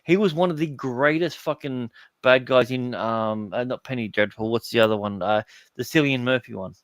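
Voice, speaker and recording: Man podcast co-host, mid pitch, excitable, swears, stammers. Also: normal speed, no room sound, clean studio sound. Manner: excitable, profane, stammering repeats. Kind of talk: casual chat.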